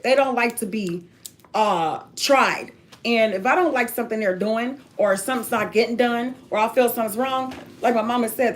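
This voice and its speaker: Emphatic woman, higher voice, telling her story. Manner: emphatic, tumbling run-on storytelling. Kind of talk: casual chat.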